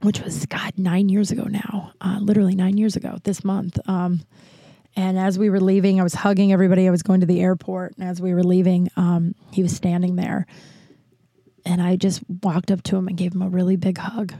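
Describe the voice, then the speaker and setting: A woman's voice: on the low side, completely flat delivery, a little fast, warm tone, no echo. A woman hosting a podcast, telling a personal story in a rambling, confessional way with wry, self-mocking asides. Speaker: podcast host. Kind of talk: candid personal monologue.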